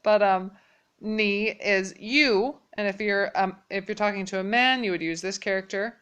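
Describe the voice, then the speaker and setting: A woman teaching a language lesson at a whiteboard, explaining patiently and repeating each phrase slowly. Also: medium pitch, a bit bright, smooth.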